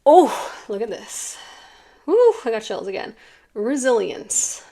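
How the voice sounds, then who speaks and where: A young adult woman giving a casual, effusive tarot card reading to her viewers, full of "like"s and quick laughs. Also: fairly high pitch, big pitch swings, warm tone. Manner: chatty and effusive, many "like"s, quick laughs, acts out imagined people.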